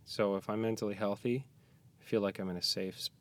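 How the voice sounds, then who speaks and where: A man who is a parent, talking as a guest on a podcast in a small closet, tired, soft-spoken and halting, with joking asides. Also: on the low side, fairly even intonation. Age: young adult to middle-aged, a parent. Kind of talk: casual podcast chat.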